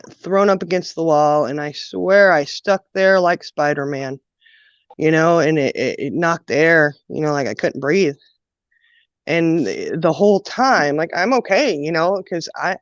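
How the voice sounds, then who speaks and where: Halting woman recounting memories, lo-fi. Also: low-pitched, no room sound. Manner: halting, emotional recollection with many fillers. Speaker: guest sharing childhood story. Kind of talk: personal storytelling. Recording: dull, dry lo-fi sound.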